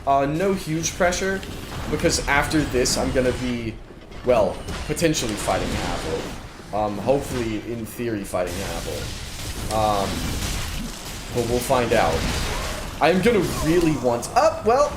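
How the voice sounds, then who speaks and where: A medium-pitched gaming streamer with big pitch swings talks in an unhurried way over music, yawning and sounding tired. At his desk with monitors, he gives casual, self-deprecating let's-play commentary, repeating his phrases, in a roomy recording with background noise.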